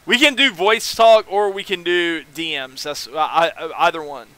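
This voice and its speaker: In a clean, slightly bright voice on the high side, a gamer chats and rambles to his audience at a moderate pace, reading chat aloud. There's no room sound on the recording.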